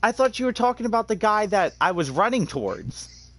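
A man's voice: sits high, very animated, a little fast, a bit bright, a little hiss or hum. A young man with an English accent, chatting casually while gaming, crude and sarcastic, trash-talking and swearing. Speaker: gamer.

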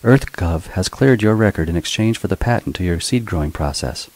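A cool-headed young woman officer, as a male reader voices her with barely any change from his own very deep voice. She speaks in a dry, blunt way. The sound is close and dry. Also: expressive, fairly quick, darkish tone, no room sound.

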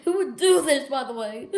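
A woman's voice: medium pitch, a bit bright, natural voice. A woman voicing a whiny, dramatic female chicken plushie who loves pizza, in a home toy skit. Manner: whiny, dramatic, complains and wails. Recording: echoey room with background noise.

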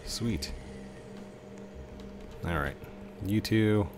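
A man's voice: lowish voice, very slow, music in the background. A man in his thirties giving casual, rambling commentary as he plays a video game, chatting to the objects on screen. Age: 30s. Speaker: let's play host.

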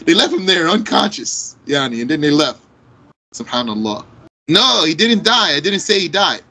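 A man teaching a religious lesson, reading Arabic texts and explaining them slowly line by line in English. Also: on the high side, big pitch swings, pushed and bright, low-quality recording.

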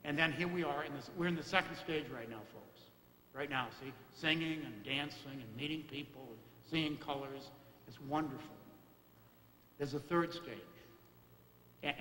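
A man giving a homily in a folksy, halting way, with many fillers and restarts. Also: on the high side, pushed and bright, a little hiss or hum. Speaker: priest. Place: church. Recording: echoey church with long reverb.

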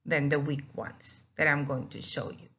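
A woman's voice: low-pitched, steady tone, normal speed, fairly bright tone. A woman teaching a lesson on Spanish vowels, explaining patiently and sounding out each vowel, with Spanish as her first language. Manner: explanatory, repeats words, demonstrates vowel sounds. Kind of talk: recorded classroom lesson. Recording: dull lo-fi recording.

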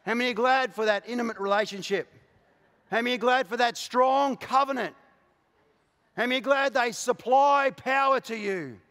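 A man with an Australian accent preaching a passionate sermon as a pastor, moving from quiet, intimate asides to shouted declarations. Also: very high-pitched, normal speed. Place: large church auditorium. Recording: live church recording with long hall reverb.

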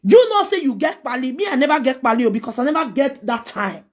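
Husky high-voiced Nigerian woman ranting. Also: animated, fast. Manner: heated, scolding, trading insults. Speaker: social media personality. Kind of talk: angry response rant.

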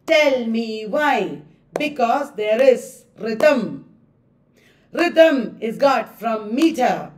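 A woman with an Indian English accent teaching a live online class, lively, laughing often and repeating words with exaggerated stress. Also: fairly high pitch, very slow, far from the mic, a little hiss or hum. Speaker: online exam-prep teacher.

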